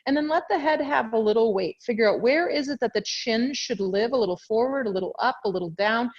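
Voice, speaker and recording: A woman's voice: on the high side, brisk, few pauses, dull audio. A woman teaching a yoga class over a video call, talking in a chatty, self-correcting way and a little out of breath as she does the moves with the class. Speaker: yoga instructor. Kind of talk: guided yoga class cues. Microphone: video call mic.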